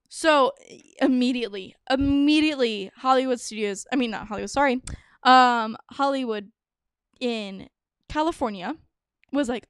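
A young adult woman hosting a podcast, telling stories in a chatty, excitable way with lots of fillers. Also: sits high, moderate pace, smooth, no echo, studio quality. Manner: chatty, many "like"s, bubbly and excitable. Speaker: podcast host. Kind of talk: casual storytelling monologue.

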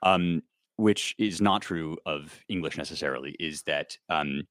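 A man's voice: rumbling low, measured pace, fairly bright tone, dry recording, clean studio sound. A man in his thirties from the United States, explaining things in a casual interview with lots of fillers and restarts. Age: 30s. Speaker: guest author.

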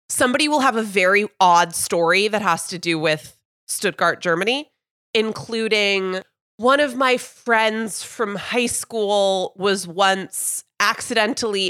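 A woman's voice: mid-range voice, a bit bright, no room sound, clean studio sound. Chatty woman hosting a podcast. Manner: chatty, rambling anecdotes with fillers. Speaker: podcast host. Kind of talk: casual sports chat.

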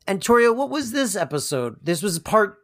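A man's voice: high-pitched, sing-song, moderate pace, a bit bright. A man co-hosting a podcast, introducing the episode and chatting casually, playful, with the odd announcer impression. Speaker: podcast co-host. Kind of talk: casual recap chat.

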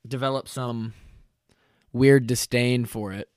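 A man's voice: mid-range voice, fairly even intonation, slow, a little mellow, no echo, studio quality. Tired young man rambling on his podcast. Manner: rambling, self-correcting, with many fillers. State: tired and lightheaded from fasting. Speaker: podcast host. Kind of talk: casual solo podcast talk.

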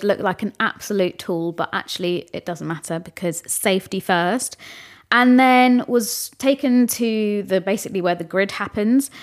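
Young woman rambling on her podcast, upbeat, giggly, casual. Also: medium pitch. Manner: chatty, enthusiastic, laughs while talking. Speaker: podcast host. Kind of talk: casual solo podcast chat.

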